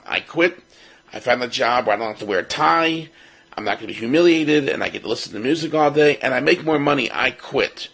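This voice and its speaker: A man's voice: medium pitch, moderate pace, gravelly, breathy edge, poor audio. A man in his fifties from Baltimore, co-hosting a podcast and telling a personal story, acting out what others said. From Baltimore, United States. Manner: lively storyteller who acts out the other people's lines. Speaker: podcast co-host.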